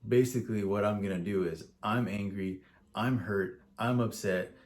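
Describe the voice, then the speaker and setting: Man, podcast co-host, lowish voice, earnest, frank, joking asides. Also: normal speed, a little mellow. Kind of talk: casual advice chat.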